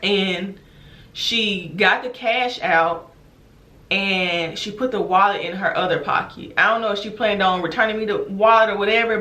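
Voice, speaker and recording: A woman, a former teacher, telling a storytime vlog in an animated, emphatic way, speaking straight to her viewers. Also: medium pitch, echoey room. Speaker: teacher and vlogger.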